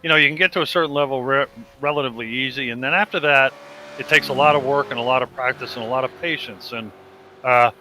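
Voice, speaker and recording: Male co-commentator, bright edgy tone, candid and rambling, faint hiss under him. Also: medium pitch, fast. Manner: candid, rambling, self-deprecating. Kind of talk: sim racing commentary.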